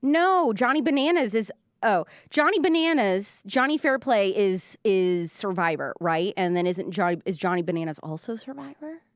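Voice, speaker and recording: A young woman hosts a pop-culture livestream, gossiping in a loose, chatty way and leaning on "like" as she goes. Her medium-pitched voice sits close and dry to the mic, with no room sound. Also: expressive, moderate pace, no echo. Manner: chatty, gossipy, heavy use of "like", reads viewer comments aloud. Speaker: livestream show host.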